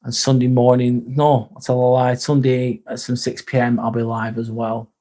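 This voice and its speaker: An English man hosting a live stream in a casual, rambling chat, reading out and answering viewer comments with a halting, sincere manner. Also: mid-range voice, flat delivery, warm tone. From England. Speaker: livestream host.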